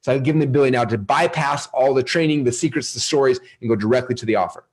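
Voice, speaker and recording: A man presenting a live marketing webinar, energetic and salesy, often asking his audience questions. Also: medium pitch, rapid-fire.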